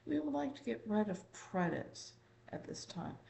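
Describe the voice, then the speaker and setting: A woman with a gravelly, mellow voice channels a spirit in an apartment. She swears constantly, repeats herself, and keeps calling the listener "dear". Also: medium pitch, big pitch swings, moderate pace, slight background noise, rough recording. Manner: profane, repetitive, calls listener "dear". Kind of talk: channeling monologue.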